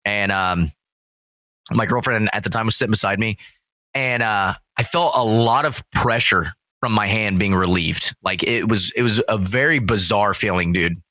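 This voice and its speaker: A man in casual chat, telling a rowdy story full of swearing and quoting other people in loud voices. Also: on the low side, normal speed, no room sound. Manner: profane, storytelling, acts out quoted voices loudly. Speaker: guest.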